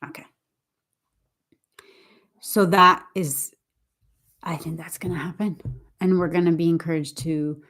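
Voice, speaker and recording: A woman's voice: fairly low pitch, a bit bright. A woman from Boston talking in a casual, earnest and rambling way, often restarting her sentences. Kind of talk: casual spoken reflection.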